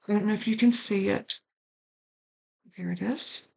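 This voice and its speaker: A woman's voice: medium pitch, steady tone, a little slow, creaky, darkish tone, breathy edge, low-quality recording. A middle-aged woman with a cough, chatting casually as she demonstrates card making step by step. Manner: chatty, apologetic about coughing. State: coughing and sneezing. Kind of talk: casual craft tutorial.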